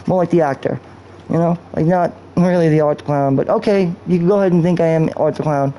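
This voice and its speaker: Male streamer, higher voice, mellow tone, rambling, cursing, cheap mic, faint background noise. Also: brisk, poor audio. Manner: rambling, profane, off-topic musing. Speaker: gaming streamer. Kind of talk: rambling live-stream chat.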